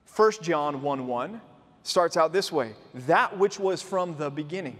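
A pastor with a notably high voice preaches to his congregation. He explains the scripture earnestly and keeps stopping to put rhetorical questions to his listeners. His voice carries through the long reverb of a church hall. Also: animated, measured pace. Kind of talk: sermon.

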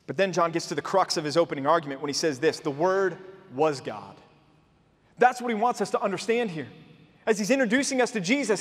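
A man's voice: high voice, animated, a little fast, breathy edge. A man preaching a sermon as pastor, explaining earnestly and posing rhetorical questions to his listeners. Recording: long hall reverb.

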